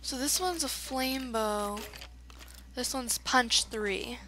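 A woman's voice: a little high, slow, background noise. A woman chatting through a let's play, reacting aloud to the game as she goes. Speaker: gamer.

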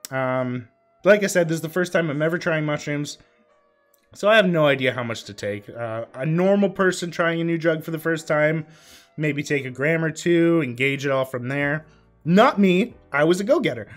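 A man in his twenties telling a story from his past in a casual vlog, swearing freely, breaking into laughter mid-sentence and filling pauses with ums. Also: a little high, lively intonation, soft background music. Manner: lots of ums and uhs. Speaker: vlogger.

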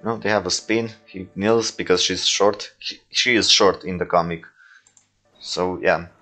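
A man's voice: sits low, fairly even intonation, a little slow, pushed and bright, faint music behind. A young man who is not a native English speaker, casually commenting on his own toy movies, rambling with many fillers and self-corrections.

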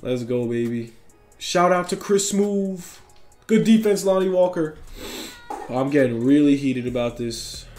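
A young man reacting loudly to every play as he commentates his basketball video game. He trash-talks his opponent and keeps cheering himself on. His voice sits a touch high, with a faint beat underneath. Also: steady tone, a little slow, soft background music. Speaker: gaming YouTuber.

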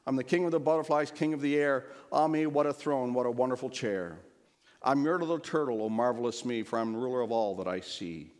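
A man's voice: medium pitch, steady tone, fast talker, few pauses, voice pushed up, lightly acted. A man voicing a boastful male turtle king who barks orders, read aloud as a storybook in a reverberant church. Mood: bellowing. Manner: shouting, bragging, imperious.

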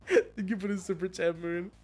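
A man streaming a game, chatting casually and telling stories, excitable and swearing a lot with frequent laughter. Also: high-pitched. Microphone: streaming mic.

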